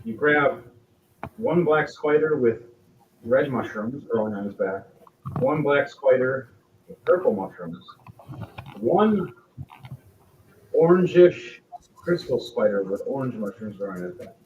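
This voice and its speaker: A man narrating as game master in a relaxed, chuckling way. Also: medium pitch, unhurried, pauses often, a little hiss or hum. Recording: distant, dull roomy mic.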